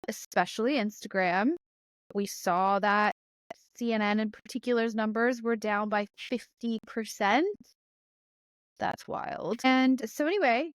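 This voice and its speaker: Smooth-voiced woman telling a chatty story. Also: on the high side, dry recording. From Georgia, USA. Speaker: journalist and podcast host. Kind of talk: casual political discussion.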